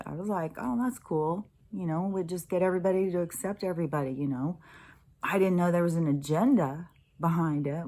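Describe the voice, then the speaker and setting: A woman vlogger in a casual, blunt monologue to camera, swearing freely and mocking others by acting out their lines. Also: on the low side.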